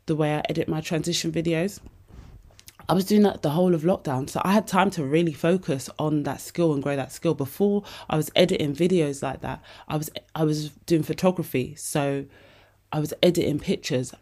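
This podcast host has a low voice with a darkish tone. Her advice is candid and casual, full of swearing, and she calls her listeners "babes."

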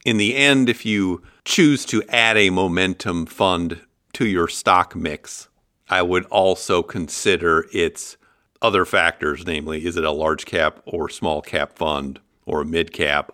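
Deep-voiced Midwestern man, dry studio sound. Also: a little slow, sharp tone, no room sound. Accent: Midwestern American. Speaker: podcast host. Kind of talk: conversational finance podcast.

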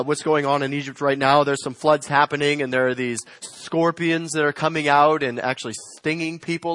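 A man preaching a sermon, swinging between loud emphatic lines and quiet, slowed phrases. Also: on the high side, no echo, clean studio sound. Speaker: pastor.

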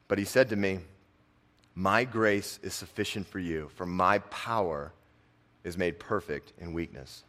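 A young man giving a casual, conversational sermon, dropping his voice soft on key lines. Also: on the low side. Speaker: preacher and football coach.

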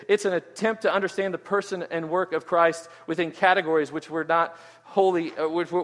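Pastor, male, fairly high voice, emphatic expository preaching, long hall reverb. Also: a bit bright. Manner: earnest, emphatic, with frequent restarts and "right?" asides. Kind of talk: expository sermon.

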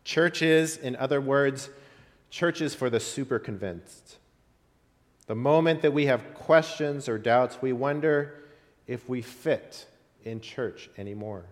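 Man, pastor, sermon, mid-pitched voice, storytelling with rising and falling emphasis, long hall reverb. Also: slow.

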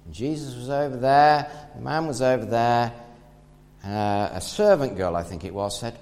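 A man preaching a sermon, telling a Bible story and swinging between loud and hushed delivery. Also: medium pitch, moderate pace. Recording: long hall reverb.

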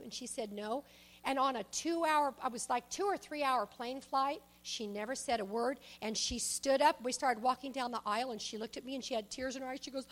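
A woman preaching a sermon, emphatic, shifting between loud exhortation and soft asides and personal stories. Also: high-pitched, moderate pace. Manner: tells personal stories, acts out quoted speech.

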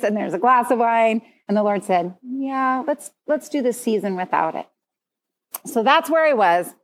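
A woman preaching in a frank, conversational way, her voice slightly high. She sounds middle-aged and speaks like a church speaker telling her own story to a congregation. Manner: candid, confessional, conversational. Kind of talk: sermon testimony.

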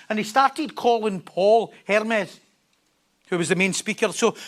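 A man preaching a sermon in an animated, joking way, often repeating words. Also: very high voice.

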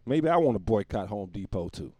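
A man's voice: fairly low pitch, sing-song, fairly quick, dark tone, no room sound. A man doing a rambling, profane comedic monologue and laughing at his own jokes.

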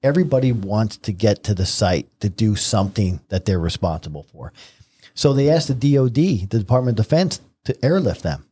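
A middle-aged man from New York, guesting on a podcast, spins his stories in a deep, husky voice. He acts out the quotes as he goes, which keeps the telling lively. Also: brisk. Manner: vivid, animated retelling with acted-out quotes. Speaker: guest, retired Marine helicopter pilot. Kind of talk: conversational storytelling.

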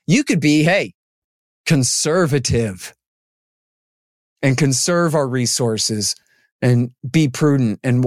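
A man as an interview guest, talking in an animated, emphatic way and acting out the people he quotes. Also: mid-range voice, no room sound, clean studio sound. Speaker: podcast guest, antiwar writer. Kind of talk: casual interview talk.

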